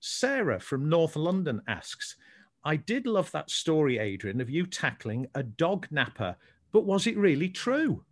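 Man, scouse accent, co-host, animated pitch, slightly high voice, chatty storyteller. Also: unhurried. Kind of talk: casual podcast chat.

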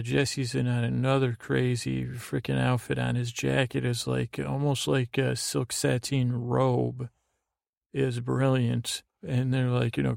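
A man hosting a sleep podcast, giving a meandering, halting bedtime recap full of filler sounds. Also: mid-range voice, vocal fry, a little mellow, dry recording, clean studio sound.

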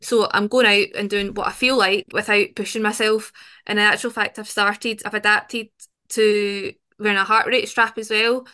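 A woman's voice: medium pitch, flat delivery, normal speed, pushed and bright, smooth. A woman, a podcast guest talking openly and chattily, with frequent restarts. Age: 20s. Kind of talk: conversational interview.

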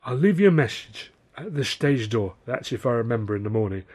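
A man voicing a beaten-up, drunken male producer who slurs bitterly, with a husky voice. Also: mid-range voice, lively intonation, fairly quick, darkish tone. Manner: slurred, bitter.

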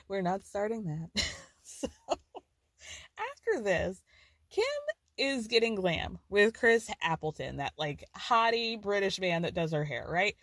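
A woman's voice: mid-range voice, sing-song, a little slow, a bit bright, dry recording, studio quality. A woman hosting a podcast, giving a chatty, profane recap of a reality show and laughing often. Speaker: podcast host. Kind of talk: casual pop culture recap.

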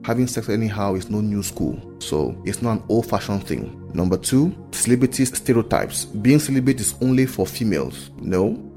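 Male preacher, warm low-toned delivery, emphatic teaching over faint music. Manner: emphatic, list-driven, rhetorical questions. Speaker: preacher answering listener questions. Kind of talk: sermon-style teaching. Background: soft worship music.

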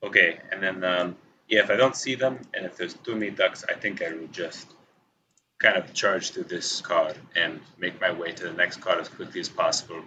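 Calm methodical guy at a tabletop game, really deep voice, slight hiss. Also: normal speed, muffled recording. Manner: calm, methodical, hesitant with ums. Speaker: guest player. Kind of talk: casual chat at a tabletop game.

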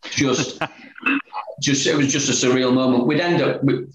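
A man's voice: mid-range voice, fairly even intonation, unhurried. A man, a former footballer telling a story as a guest, retelling conversations line by line. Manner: chatty, retells dialogue with "he said, I said". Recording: roomy echo, faint noise.

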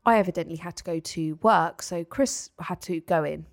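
A young woman co-hosting a podcast tells a story in casual chat, animatedly acting out the voices of the people involved. Her voice is fairly low-pitched, at a moderate pace.

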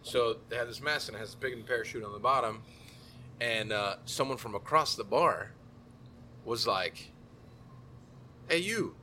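A man's voice: mid-range voice, normal speed, sharp tone, slight background noise. A man hosting a casual chat in a laid-back, joking way.

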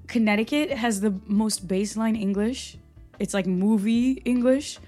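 A woman's voice: fairly high pitch, a little slow, a little mellow, faint music behind. A woman from Brazil hosting a solo Q&A podcast, talking passionately and emphatically. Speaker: podcast host.

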